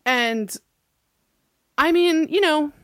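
A woman co-hosting a casual podcast, recapping a TV show, laughing often and swearing as she thinks out loud. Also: high voice, very slow, dry recording, clean studio sound. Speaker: podcast co-host.

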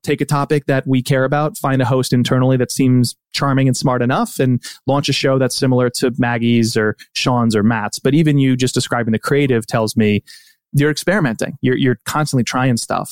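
A man's voice: mid-range voice, fairly even intonation, fairly quick, clean tone, dry recording, clean studio sound. A man hosting a marketing podcast, explaining ideas in a coaching, explanatory way. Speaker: podcast host. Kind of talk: scripted podcast commentary.

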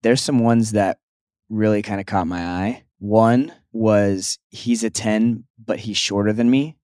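A man's voice: lowish voice, steady tone, measured pace, a little mellow, clear, resonant tone, dry recording, studio quality. A young man co-hosting a podcast, teasing his friend and telling rambling stories. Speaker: podcast co-host. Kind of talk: casual chat.

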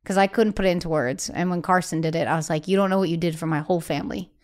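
A young adult woman, a singer-songwriter being interviewed, talking candidly and casually, with frequent "like" fillers and lively acted-out quotes. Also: lowish voice, very fast. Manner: chatty, many "like" fillers, acts out quoted voices.

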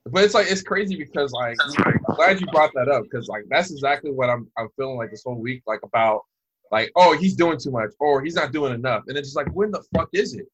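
A man's voice: medium pitch, expressive, brisk, a bit bright, poor audio. A man in a casual podcast chat, talking in a laid-back way about dating. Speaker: podcast co-host reading comments.

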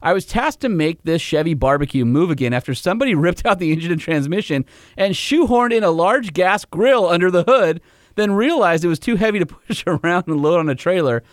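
A man's voice: sits high, lively intonation, brisk, dry recording, clean studio sound. A middle-aged man co-hosting a podcast in casual chat, giggly and laughing between phrases. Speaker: podcast co-host.

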